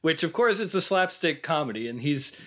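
A man's voice: on the high side, lively intonation, a little fast, fairly bright tone. A man co-hosting a movie podcast, telling rambling personal anecdotes with lots of fillers. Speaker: podcast co-host. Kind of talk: casual movie discussion.

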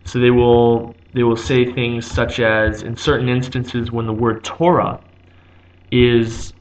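Man explaining with many pauses. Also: mid-range voice, a bit bright, low-quality recording. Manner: thinking aloud, with frequent ums and restarts. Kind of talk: unscripted explanation.

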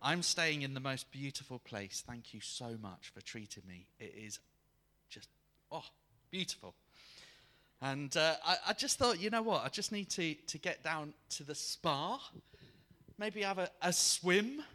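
A man preaching a sermon to a congregation, telling a personal story in an animated way and acting out the people in it. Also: fairly high pitch, a little slow. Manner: animated, acts out quoted voices. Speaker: guest preacher.

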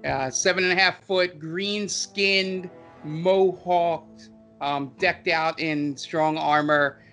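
A man narrating as game master in a tabletop game, halting often with ums and uhs. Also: a little high, fairly even intonation, sharp tone, soft background music.

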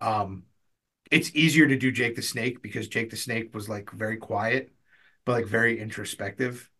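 A man's voice: on the low side, normal speed. A man co-hosting a podcast, chatting casually, swearing and telling stories. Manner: swearing, storytelling, animated. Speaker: podcast co-host. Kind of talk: casual chat.

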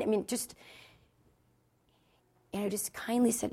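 A woman's voice: mid-range voice, fairly even intonation, measured pace, pauses often, warm tone. A woman from the Philadelphia area preaching to wives in a conversational sermon, repeating key lines for emphasis and telling personal stories with asides. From New Jersey and Philadelphia, USA. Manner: emphatic and repetitive, storytelling with asides. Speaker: Christian speaker addressing wives.

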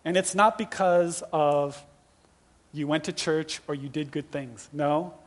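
Lively high-voiced male pastor preaching. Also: unhurried. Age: 50s. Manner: lively, humorous storytelling. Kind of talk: sermon.

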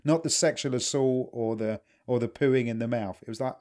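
A man's voice: medium pitch, normal speed, darkish tone. A man co-hosting a podcast, telling rambling anecdotes in casual chat, laughing and restarting as he goes. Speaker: podcast co-host.

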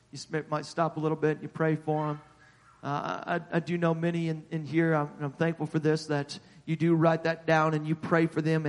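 Man, pastor, preaching a sermon, high voice, long reverb of a church hall. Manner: repeats words while building, rises in pitch and volume at high points. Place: church sanctuary.

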